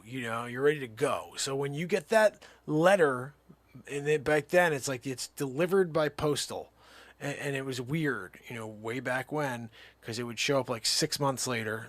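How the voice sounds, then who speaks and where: A man improvising a comic tall tale on a livestream, rambling with many fillers, swinging from hushed asides to loud bursts. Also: medium pitch, dry recording. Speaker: livestream comedian.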